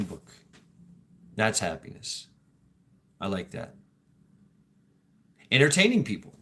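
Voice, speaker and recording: A man's voice: on the low side, a bit bright, a little hiss or hum. Stammering man musing on happiness. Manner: stammering, repeats words, laughs often; reflective, joking, swears casually. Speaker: livestream host reading chat comments. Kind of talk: casual rambling monologue.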